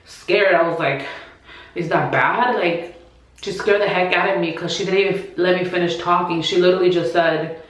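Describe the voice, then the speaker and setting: A woman's voice: on the low side, steady tone, normal speed. A woman vlogger telling a personal story to her followers in a casual, chatty way, full of "like" and quoted asides. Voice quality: chatty, filler-heavy, many restarts and acted quotes. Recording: very echoey room.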